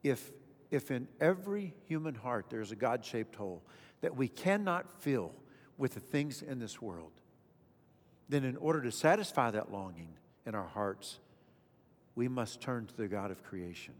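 A man's voice: mid-range voice, animated, moderate pace. Man preaching in a reverberant hall. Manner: dramatic swings from loud emphasis to hushed. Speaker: pastor. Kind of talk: sermon. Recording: echoey hall with faint music.

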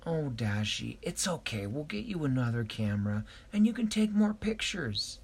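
Man putting on a soft mom voice, reassuring, lively lilt, storybook. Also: a little high, normal speed, creaky, husky, voice pushed up, heavily acted. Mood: soothing. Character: gentle reassuring mother.

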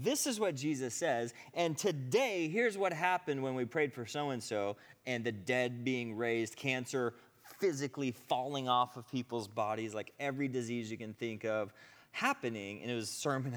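A male preacher tells a testimony story, animated, acting out quotes and laughing often. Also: medium pitch. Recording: long hall reverb.

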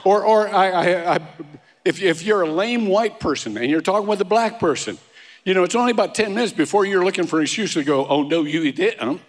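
Male pastor preaching in a church sanctuary, relaxed and anecdotal, repeats and restarts words, with a long reverb tail. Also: sits high, brisk. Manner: conversational storytelling with frequent restarts and humorous asides. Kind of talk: sermon. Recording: long reverb of a large hall.

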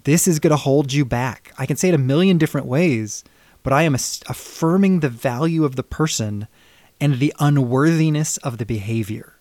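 A man's voice: mid-range voice, moderate pace, darkish tone, no room sound. A man co-hosting a podcast who talks firmly and emphatically, with carefully chosen words. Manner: firm, emphatic, precise phrasing. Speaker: podcast co-host. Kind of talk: reflective conversational discussion.

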